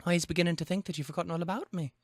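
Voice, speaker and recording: A man voicing a refined, soft-spoken young woman in a put-on Scottish accent. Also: high-pitched, fairly even intonation, racing, dry recording, pitched above the performer's own voice. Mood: teasing.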